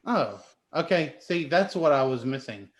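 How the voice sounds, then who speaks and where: A man's voice: fairly high pitch, expressive, measured pace, roomy sound. A man playing a tabletop game, talking casually and hesitantly with many fillers as he describes his character's moves. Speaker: player.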